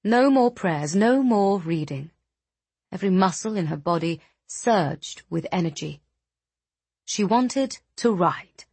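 A woman narrating a fantasy audiobook in an even storytelling voice. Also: mid-range voice, slow, breathy edge, no room sound. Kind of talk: scripted narration.

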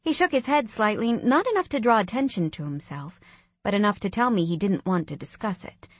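A woman narrating a first-person audiobook in a soft, reflective way. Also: medium pitch, animated, fairly quick, husky, no room sound.

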